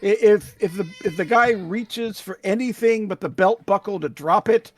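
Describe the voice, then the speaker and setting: A man's voice: sits high, moderate pace. A man playing a tabletop game, talking casually and hesitantly with many ums. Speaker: player.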